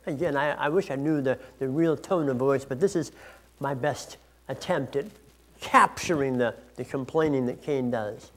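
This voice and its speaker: A man's voice: mid-range voice, moderate pace. A man preaching a sermon in an earnest, explanatory way, restarting phrases now and then. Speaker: pastor.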